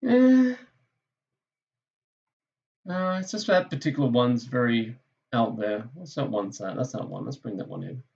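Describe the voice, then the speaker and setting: A man with a gravelly, creaky voice walks through a maths lesson on a screen recording. He talks casually and thinks aloud, fixing his own slips as he goes. The sound is dull and lo-fi. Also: mid-range voice, lively intonation, measured pace, pauses often, darkish tone. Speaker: maths teacher.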